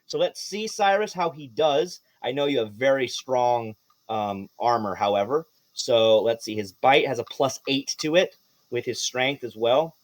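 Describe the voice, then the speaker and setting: A man running a live tabletop game as game master, narrating with animated energy, swearing and laughing. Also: mid-range voice, a little slow.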